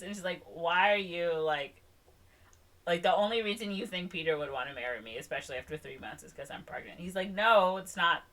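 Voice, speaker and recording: A young woman retells a film's plot for her podcast co-host in loose, casual chat. Her voice is bright and clear, and she slips into quick voices for the characters' lines as she goes. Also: lowish voice, big pitch swings. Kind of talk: casual movie recap chat.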